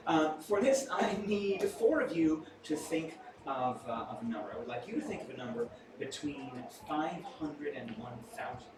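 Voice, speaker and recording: A man's voice: a little high, animated, normal speed, hardly any pauses. A man performing stage mentalism live for a small audience, with theatrical, playful patter and joking asides to the crowd. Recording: echoey room, far from mic, audience noise.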